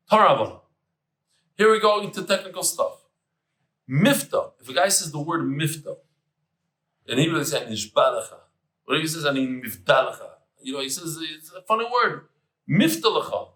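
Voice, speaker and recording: Male Talmud teacher, bright and animated delivery, echoey room. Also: fairly high pitch. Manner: animated, chatty, mixes Hebrew terms into English. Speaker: Daf Yomi teacher. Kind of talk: lively Talmud lecture. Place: room with tables and air conditioner.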